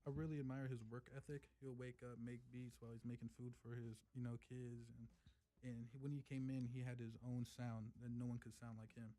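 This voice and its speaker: A man, a music producer guest, talking in a soft, relaxed way. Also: medium pitch, brisk. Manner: soft-spoken, relaxed, laughs often. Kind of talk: casual interview chat.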